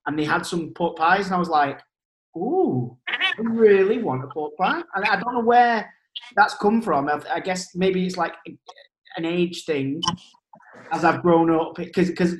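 A man's voice: a little high, roomy sound, background noise. A man in casual podcast chat who hesitates and repeats words as he gets going.

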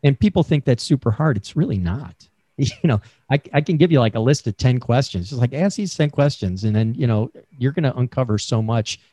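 A man's voice: mid-range voice, animated, a little fast, mellow, no echo. A man being interviewed about selling, talking in a chatty coaching way with many fillers over a remote call mic. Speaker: sales expert guest.

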